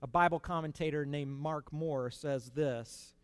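A man preaching a sermon in an earnest, conversational way, rising to emphatic peaks and dropping to quiet asides. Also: on the high side, unhurried, clean tone, no echo.

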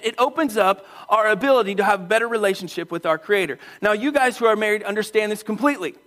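High-voiced pastor guy preaching in church, lively, acts out little voices, gets the crowd going. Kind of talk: sermon.

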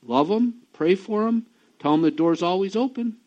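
A middle-aged man preaching a sermon, emphatic, dropping low and quiet and then rising loud and high. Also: moderate pace, muffled recording. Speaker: pastor.

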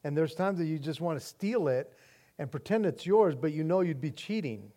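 High-pitched guy preaching, earnest, keeps restarting words, goes soft then punchy. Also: lively intonation, moderate pace. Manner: earnest, restarts and repeats words, swings between soft and emphatic. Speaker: pastor. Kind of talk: sermon.

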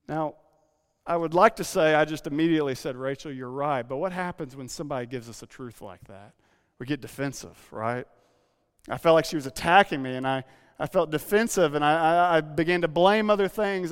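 A pastor preaching a sermon, telling a personal story in a confessional way with frequent restarts. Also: male voice, fairly high pitch, smooth. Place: church sanctuary. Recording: long hall reverb.

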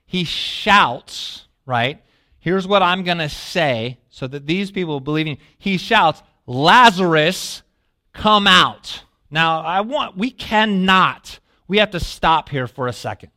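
A man preaching a sermon as a pastor, telling a story with lively asides and questions to the listeners, dropping to a hush when quoting prayers. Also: fairly high pitch, a little slow. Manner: animated storytelling, asks the congregation questions.

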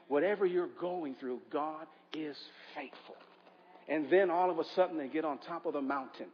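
Preaching in a church, this East Coast American pastor uses a high voice and pushes his congregation to respond out loud. It's impassioned call-and-response, captured as lo-fi sound with a big-room feel.

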